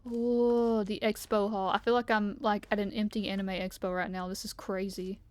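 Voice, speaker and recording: This female streamer talks over her game at home in a playful way, breaking into giggles as she plays. She speaks at a moderate pace in a medium-pitched, slightly mellow voice with a flat delivery.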